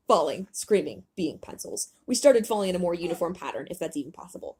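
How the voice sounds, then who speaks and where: A woman's voice: fairly low pitch, brisk, a little hiss or hum. A young woman reading aloud from a novel she wrote as a kid and joking about it as a podcast host. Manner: animated reading, breaking into laughter. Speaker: host reading her old writing. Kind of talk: comedic reading of her childhood novel.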